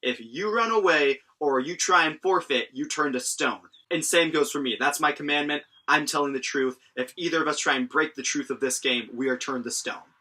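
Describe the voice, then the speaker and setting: A man voicing a loud, blustering drunk warrior. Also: fairly high pitch, moderate pace, few pauses. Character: drunk hulking male warrior, jovial and boastful.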